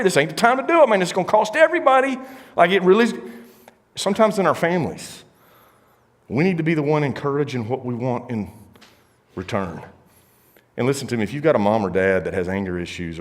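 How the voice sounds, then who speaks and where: A man's voice: medium pitch, big-room sound. A man preaching a casual youth sermon, telling stories with jokey asides. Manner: storytelling, animated, jokey asides. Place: large hall, live service.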